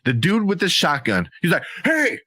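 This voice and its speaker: A man co-hosting a movie talk show, swinging his pitch widely as he riffs and laughs. He often slips into playful mock voices for characters. His voice sounds dry and close to the mic. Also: lively intonation, moderate pace, fairly bright tone, dry recording. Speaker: podcast co-host. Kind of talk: casual movie review chat.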